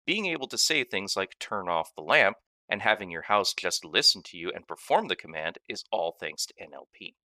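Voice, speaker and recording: A man with a bright, ringing voice and a lively, swooping delivery narrates a scripted tech lesson. He talks a little low and leans hard on key words. The sound is dry and close, with no room behind him. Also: fairly quick, hardly any pauses, no echo. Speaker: course instructor.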